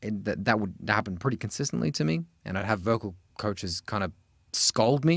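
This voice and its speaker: A man's voice: fairly low pitch, lively intonation, a little fast, creaky, no room sound, clean studio sound. A man in his forties, a vocal coach talking candidly and swearing freely in a casual lesson.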